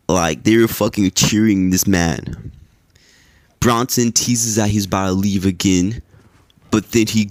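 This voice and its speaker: A young man with a deep, low voice talks through a wrestling recap in a drowsy, laid-back ramble, full of filler words and casual swearing. The recording is dry and close, with no room sound around him. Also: dry recording. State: sleepy. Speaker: podcast host.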